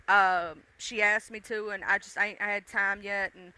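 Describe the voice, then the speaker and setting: A woman with a mixed deep-South accent, rambling casually to her livestream chat, addressing viewers directly and swearing freely. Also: fairly even intonation, a little slow, pushed and bright, clear, resonant tone, no echo, rough recording. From Southern United States. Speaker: livestream host.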